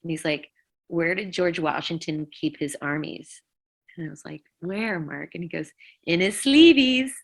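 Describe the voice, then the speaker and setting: A woman's voice: low voice, fairly even intonation, normal speed, vocal fry, breathy edge, low-quality recording. A middle-aged woman, a rock singer, telling an emotional story in an interview and acting out what people said. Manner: vivid retelling, acting out quotes, many "like"s. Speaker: rock vocalist, interview guest.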